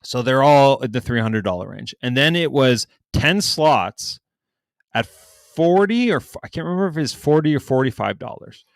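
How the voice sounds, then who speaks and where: With a gravelly, medium-pitched voice at normal speed and no echo, this young podcast co-host spins an animated, profane story in casual conversation. He acts out other people's words by raising his voice.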